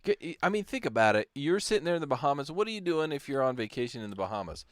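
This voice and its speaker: A man co-hosting a podcast, relaxed and agreeable, often chuckling in casual banter. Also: mid-range voice, fast talker, no echo. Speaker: podcast co-host.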